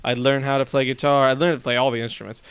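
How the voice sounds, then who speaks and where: Smooth-voiced young man rambling casually. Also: mid-range voice, quick pace, no room sound. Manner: rambling, animated, swears a lot. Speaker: podcast host. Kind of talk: casual chat.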